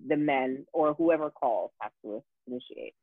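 A woman telling a story in casual talk, animated and profane, with many fillers and restarts. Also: rumbling low, moderate pace, no room sound. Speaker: guest. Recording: tinny phone-like dry sound.

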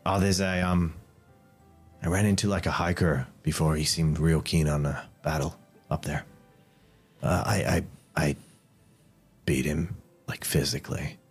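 A man doing a young fighter in a tabletop role-play who brags and rambles, stumbling over his words. The voice is low and deep, with faint music behind it. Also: fairly even intonation, breathy edge, exaggerated voice. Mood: rambling. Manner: halting, rambling, full of fillers. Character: rambling boastful young male fighter, brawler.

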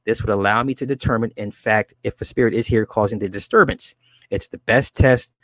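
A man reading the lines of a woman clairvoyant in a trance, in slow, measured pronouncements. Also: on the low side, natural voice. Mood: solemn.

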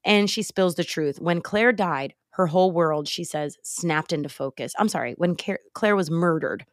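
A young woman hosting a podcast from home, retelling a movie plot in a casual, animated way, with sighs and laughs. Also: on the low side, normal speed, dry recording, studio quality. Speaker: podcast host. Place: home, late at night. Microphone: remote call recording.

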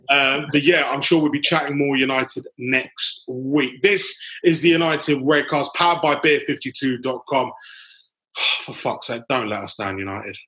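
A man's voice: mid-range voice, sharp tone. Male podcast host, mid-range voice, bantering call recording. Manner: chatty, jokey, banter with fillers. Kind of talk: casual chat.

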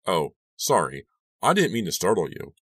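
A man doing a gentle worried dad. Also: low-pitched, very animated, normal speed, slightly rough, no echo, studio quality, pitched above the performer's own voice, full character voice. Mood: concerned. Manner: soft, hesitant. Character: gentle worried middle-aged father.

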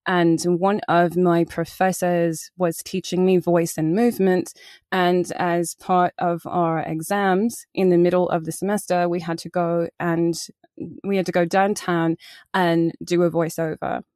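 A woman's voice: lowish voice, level tone, a little slow, a little mellow, dry recording, clean studio sound. A British woman, a voice actor and audiobook narrator, chatting animatedly in an interview and laughing often. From Britain. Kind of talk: casual interview chat.

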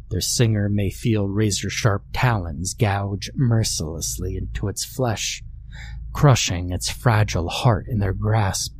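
Man voicing a silver-tongued boy storyteller, low and sinister, slow, dark tone. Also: a little hiss or hum, natural voice.

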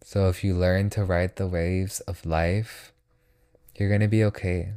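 A man's voice: deep voice, little pitch movement, a little slow, dark tone, clean tone. A young man hosting a motivational solo podcast, talking in an earnest, reassuring way and repeating phrases for comfort. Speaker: podcast host.

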